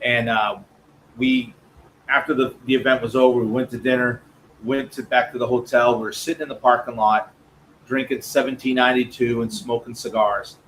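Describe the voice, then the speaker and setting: Man telling a lively story. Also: medium pitch, moderate pace, a little hiss or hum, rough recording. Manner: animated anecdotes with quoted voices. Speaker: guest, cigar company owner. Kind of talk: casual interview chat, storytelling.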